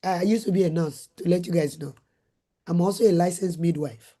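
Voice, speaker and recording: Nigerian lady, middle-aged, dark mellow voice, tells it animated, raises her voice acting out her own lines. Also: on the low side, a little fast. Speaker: host, former nurse and midwife. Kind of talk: animated storytelling talk.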